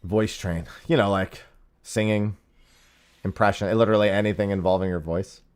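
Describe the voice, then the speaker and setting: A man's voice: fairly low pitch, fairly even intonation, moderate pace, clean tone. A man streaming an online game and chatting casually with viewers, sarcastic and swearing now and then. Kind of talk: casual chat while gaming.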